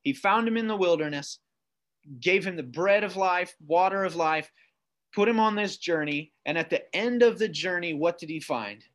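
A man preaching a sermon to viewers, reading scripture aloud, slowing down on key phrases and posing questions to the listener. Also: high-pitched. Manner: reads scripture aloud, slows down for emphasis, asks the listener questions. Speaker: pastor.

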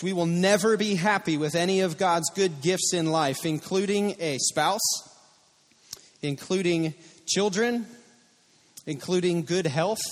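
A man in his thirties preaches an earnest sermon, mixing personal stories with repeated key lines. His voice sits a little high for a man. It rings out through a church hall with a long, lingering reverb. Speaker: pastor. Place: church sanctuary.

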